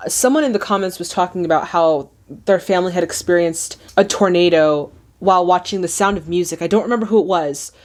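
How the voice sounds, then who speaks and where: A woman hosting a movie reaction, talking in an animated, chatty way, often exclaiming at what she sees. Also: lowish voice, fairly quick.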